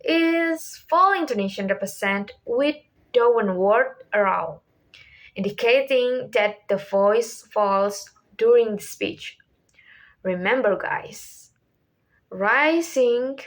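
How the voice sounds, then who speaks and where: Slow-speaking young woman reading a lesson. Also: medium pitch. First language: Indonesian. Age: young adult. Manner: reads questions and answers from a script, with small restarts and slips. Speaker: student presenter. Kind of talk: reading a class presentation.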